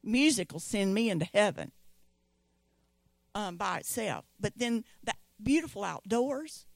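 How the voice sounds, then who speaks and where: Slow-paced woman preaching. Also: mid-range voice, gravelly, no echo. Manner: storytelling, animated quoting of scripture voices. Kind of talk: sermon.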